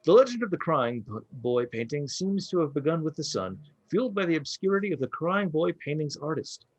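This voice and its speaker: A man's voice: a little high, sing-song, fairly quick, no echo, poor audio. A man hosting a comedy podcast, reading a prepared story with wry asides. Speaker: podcast host.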